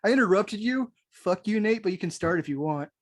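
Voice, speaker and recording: A man's voice: high-pitched, expressive, brisk. An American man co-hosting a podcast, talking bluntly and swearing freely, with frequent laughs. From United States. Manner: blunt and profane, laughs often. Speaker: podcast co-host. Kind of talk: casual chat.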